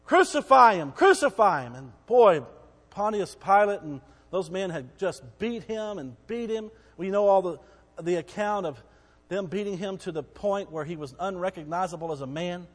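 A man preaches with a high voice, his words trailing into the long reverb of a large church hall. He tells the story dramatically and shouts out the cries of the crowd. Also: normal speed. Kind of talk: sermon.

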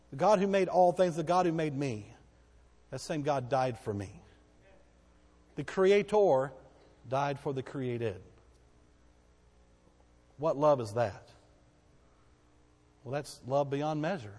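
A man preaching a sermon as pastor, swinging between loud, emphatic declarations and hushed, quiet passages. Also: a little high, husky, long reverb tail.

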